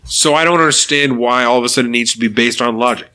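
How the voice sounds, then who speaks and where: Animated, swearing podcast co-host man. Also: mid-range voice, fast talker, clear, resonant tone. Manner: profane, animated ranting with laughs. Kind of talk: casual podcast chat.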